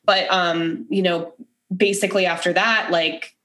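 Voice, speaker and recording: A woman, a podcast guest, telling a story in casual conversation. She is animated, acts out the dialogue she quotes and says "like" often. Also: on the low side, unhurried.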